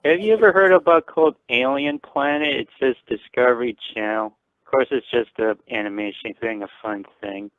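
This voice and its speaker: A man's voice: mid-range voice, moderate pace, dry recording. A man calling in to a live show, rambling and hesitant, with many fillers. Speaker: caller. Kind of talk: casual call-in chat. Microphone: phone call. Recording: tinny dry phone line.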